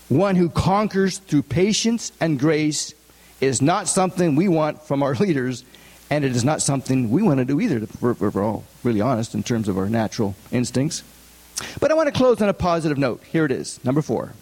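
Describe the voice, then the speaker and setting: A man's voice: a little high, darkish tone. A man giving a conversational sermon, often asking his listeners rhetorical questions. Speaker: preacher. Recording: long hall reverb.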